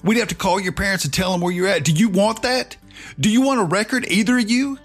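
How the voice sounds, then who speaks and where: A man's voice: high-pitched, fast talker, breathy edge, faint music behind, voice pushed up. A man voicing a stern gray-haired male police officer who barks threats. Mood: threatening. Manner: barking, threatening.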